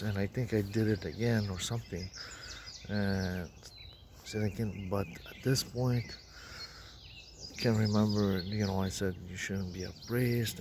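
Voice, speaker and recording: A man with a voice recounting a dream in a rambling, halting way, full of restarts and fillers. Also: fairly low pitch, noisy background. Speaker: dream narrator. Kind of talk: rambling personal account.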